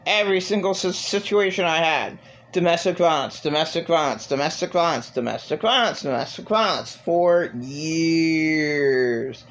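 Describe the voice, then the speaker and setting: A woman's voice: low-pitched, moderate pace. A woman vlogging in a rambling, profane monologue, venting with raw emotion. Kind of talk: casual monologue.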